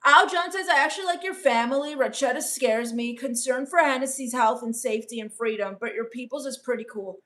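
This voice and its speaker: This high-voiced woman moves fairly quickly with few pauses as she reads chat on her comedy livestream. Her delivery is a deadpan, gloomy gothic valley-girl drawl, dismissive and misanthropic throughout.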